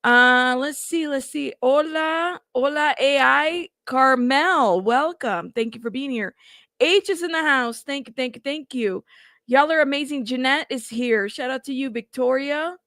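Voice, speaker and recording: Brief: high-voiced woman host, bubbly, greets her chat, dry close mic. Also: measured pace, no echo. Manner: bubbly, shouting out chat members by name. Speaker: livestream host. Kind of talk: casual livestream chat. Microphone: plug-in mic at a computer.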